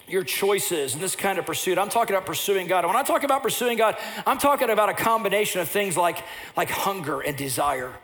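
A male pastor whose voice sits high preaches a sermon built on personal stories. At times he rises into loud, impassioned preaching.

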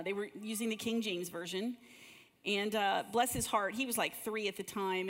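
Woman giving a church talk to a room, chatty, restarts her sentences a lot, long hall echo. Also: medium pitch. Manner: warm storytelling, repeats words when starting sentences. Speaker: session speaker leading a church group. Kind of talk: conversational church teaching with prayer. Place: large room with a gathered group.

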